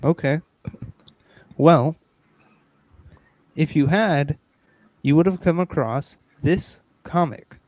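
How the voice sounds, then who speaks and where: A male podcast host with a fairly high voice, talking in an unhurried, drawn-out way. He is playful and mock-earnest, jumping into loud excited bursts. The recording is dry and close. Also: no echo. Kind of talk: casual comedic chat.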